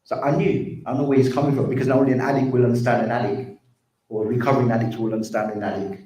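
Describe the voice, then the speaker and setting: Quick-paced and level in tone, a mid-range male voice with a dark timbre gives a heartfelt talk on drug addiction to a community gathering. Calling the crowd brothers and sisters, he repeats himself, and the distant recording rings with hall echo.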